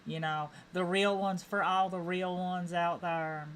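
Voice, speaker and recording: A woman's voice: on the low side, fairly even intonation, a little slow, a little hiss or hum. A woman streamer with an Appalachian accent chatting casually while gaming, rambling, repeating words and restarting her sentences.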